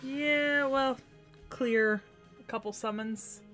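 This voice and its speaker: A woman's voice: high voice, takes it slowly, a bit bright, soft background music. A woman chatting casually while playing a mobile game, exasperated and swearing now and then. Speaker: game streamer. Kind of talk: casual gaming chat.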